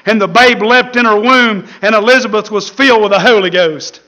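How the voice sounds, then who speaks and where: A man preaching a fiery sermon, with shouted peaks and laughter. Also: sits high, fairly quick.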